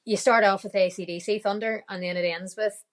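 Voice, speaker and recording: A woman's voice: medium pitch, steady tone, brisk, a loud crowd. A woman with a Northern Irish accent, a podcast guest telling a story casually, quoting her own thoughts and laughing often.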